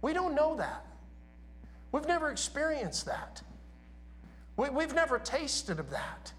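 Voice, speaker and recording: A man's voice: very high voice, sing-song, takes it slowly, fairly bright tone, a little hiss or hum. A man preaching a sermon in a church, talking casually and asking his congregation questions.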